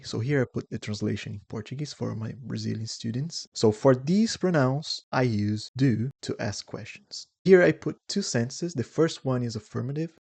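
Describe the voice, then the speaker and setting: A male English teacher walks through grammar in a video lesson, speaking slowly and carefully. He stretches his example sentences into exaggerated rising and falling tunes. His voice sits at a medium pitch with a gravelly fry underneath. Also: a little mellow. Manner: slow, deliberate explanations with exaggerated rising and falling demos.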